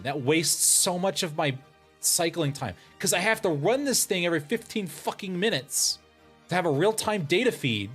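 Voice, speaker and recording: A fairly high-voiced man rants on a livestream, his pitch swinging widely between incredulous highs and grumbling lows. He swears freely and laughs through his frustration, with faint music playing underneath. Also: a bit bright, slightly rough. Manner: exasperated, profane ranting with bursts of laughter. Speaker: VTuber streamer. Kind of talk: casual livestream rant.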